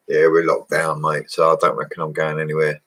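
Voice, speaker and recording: A man's voice: rumbling low, monotone, moderate pace, a bit bright, slightly rough. A young man, chatting casually on a home livestream, laughing often and answering viewers' comments. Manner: laid-back, chatty, laughs often, slangy. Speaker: bricklayer livestream host. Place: home, indoors.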